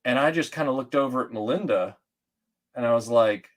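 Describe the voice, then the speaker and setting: A middle-aged man from Atlanta, a guest telling stories in casual chat, rambling and animated with many restarts and fillers. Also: medium pitch, a little fast.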